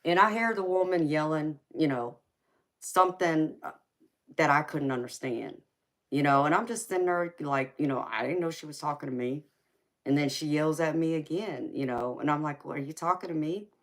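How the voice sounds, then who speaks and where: A woman's voice: low-pitched, moderate pace. A woman with a heavy Southern accent from Georgia, chatting casually and laughing often while hosting a late-night live stream. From California.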